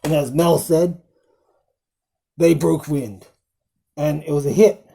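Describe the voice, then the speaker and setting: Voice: mid-range voice, steady tone, slow, creaky, dark tone. A film reviewer talking casually, rambling with many fillers and fondly quoting film lines. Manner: fond, quotes film lines.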